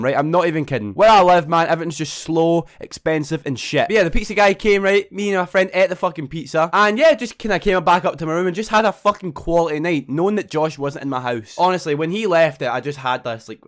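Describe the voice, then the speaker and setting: A man's voice: fairly high pitch, fast, few pauses. A young man tells a storytime vlog. He swears a lot and keeps asking "right?". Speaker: vlogger.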